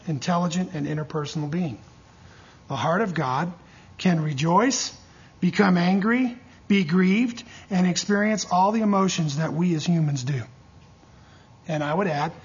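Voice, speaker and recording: Male preacher, very husky and breathy tone, fairly high voice, lively call-and-response delivery, dull lo-fi recording. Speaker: pastor teaching a church class. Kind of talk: sermon.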